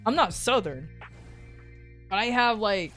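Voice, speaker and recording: A woman's voice: medium pitch, expressive, unhurried, a bit bright, soft background music. A woman with an American accent chatting casually on a stream, rambling through a story, swearing freely and laughing often. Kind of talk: casual chat.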